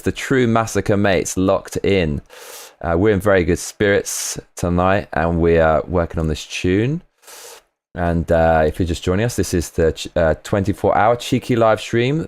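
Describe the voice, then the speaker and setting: A man streaming live while producing a track, casual and excitable, reading chat aloud and swearing. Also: low-pitched. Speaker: streamer making music live.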